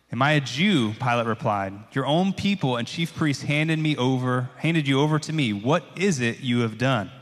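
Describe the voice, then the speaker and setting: A man preaching a sermon in a loose, conversational way, often adding "like" and "right?" as he reads and explains scripture. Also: medium pitch. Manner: casual, conversational, many filler "like"s and "right?"s. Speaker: pastor. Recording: long hall reverb.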